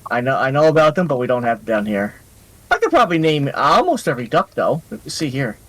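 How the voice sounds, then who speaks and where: A man's voice: medium pitch, big pitch swings, fast talker, fairly bright tone. A man from Canada chatting casually on a game stream, teasing his friends and laughing often. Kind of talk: casual live-stream chat.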